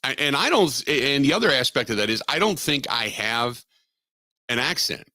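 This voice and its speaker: In a radio studio, a sports talk host from Southwestern Ohio talks at a moderate pace in an animated, medium-pitched voice that sounds pushed and bright. The recording is dry and studio quality, and he rambles casually, repeating himself and poking fun at himself.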